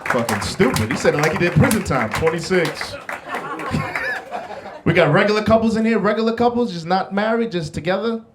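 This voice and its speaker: A man's voice: sits high, expressive, a little fast, background noise. A young man from the Bronx, doing a brash, profane stand-up set and teasing the crowd from a club stage. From the Bronx, New York. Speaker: stand-up comedian. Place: comedy club stage before a live audience.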